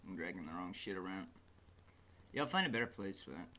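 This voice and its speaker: A low-pitched young man streams his game development at a quick pace with lively intonation. Frustrated with his tools, he rants and swears a lot in his casual commentary, saying "like" and "man" again and again.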